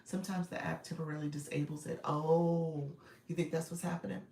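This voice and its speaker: This live-stream coach and host has a gravelly, low-sitting voice with a steady tone and brisk pace. She chats casually through viewer comments, warmly greeting people by name amid laughs and fillers, all captured as roomy, distant phone audio with faint noise.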